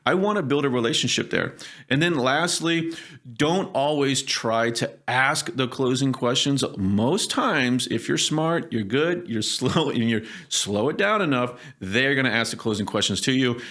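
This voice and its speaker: A man's voice: mid-range voice, measured pace. Casting: emphatic man coaching sales in a podcast chat, keeps checking in with "okay?". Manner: acts out sales calls in lively put-on voices. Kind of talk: conversational advice on a podcast.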